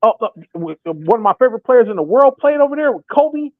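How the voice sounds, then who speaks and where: A young man talking sports on a podcast, excited and casual, often acting out made-up quotes. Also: very high voice, fast talker, no room sound. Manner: acts out imagined quotes in put-on voices. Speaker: podcast co-host. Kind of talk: animated sports talk. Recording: thin phone-like sound.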